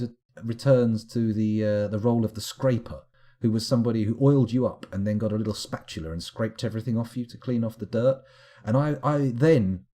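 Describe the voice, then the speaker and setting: Playing a management game on stream, a man delivers rambling, live let's-play commentary in a mid-range voice. He is animated and pokes fun at himself while chatting and wandering off on tangents.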